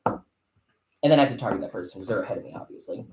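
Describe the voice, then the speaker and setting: A woman hosting a casual chat during a card game, talking in a rambling, animated way. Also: extremely low pitch, fast talker. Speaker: host. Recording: echoey room, faint noise, card clicks.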